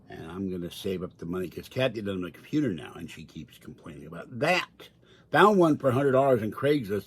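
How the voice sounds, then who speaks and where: Casual livestream host, male, husky voice, meandering storyteller. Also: sits low. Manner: chatty, meandering storyteller who laughs often. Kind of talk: rambling casual livestream chat. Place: indoors at home.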